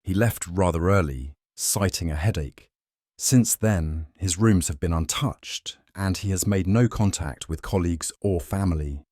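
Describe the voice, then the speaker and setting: A man voicing a slight, watchful priest with a Portuguese accent who speaks in a low, cautious, guarded way. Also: a little slow, a little mellow, no room sound, clean studio sound.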